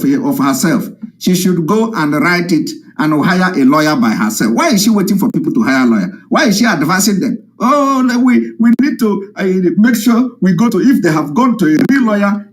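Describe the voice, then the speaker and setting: A man giving a heated, mocking live-stream monologue to his followers. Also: fairly high pitch. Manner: combative, mocking, repetitive. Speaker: activist addressing followers. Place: live broadcast from home.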